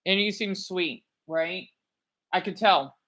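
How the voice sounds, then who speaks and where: Speaking slowly in a fairly low voice, this Arizona woman in her thirties rambles through opinionated reactions to videos. She's animated and often tosses in "right?" to check in.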